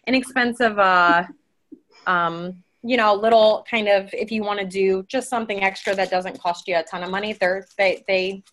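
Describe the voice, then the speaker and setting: A woman's voice: mid-range voice, steady tone, normal speed, fairly bright tone. A woman chatting casually on a team call, rambling with lots of fillers and restarts as she shares tips. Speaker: team member sharing tips.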